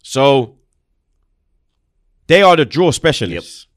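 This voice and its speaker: A man's voice: mid-range voice, slow pace, dry recording, studio quality. A young man hosting a heated, slangy football chat and making his points with emphasis. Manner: animated, emphatic, street slang. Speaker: football fan show host.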